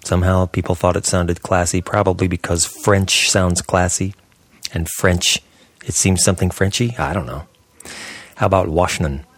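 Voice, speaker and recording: An American man with a very low, husky voice talks casually about how words are pronounced. He repeats words deliberately and sometimes slips into a whisper to demonstrate. The sound is close and dry. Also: steady tone, no room sound. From United States. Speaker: speaker explaining pronunciation. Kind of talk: casual monologue on pronunciation.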